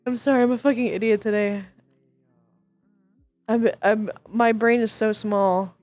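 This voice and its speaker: A woman's voice: a little high, fairly even intonation, measured pace, darkish tone. A woman streamer in playful VR role-play, silly and giggly, humming sing-song noises.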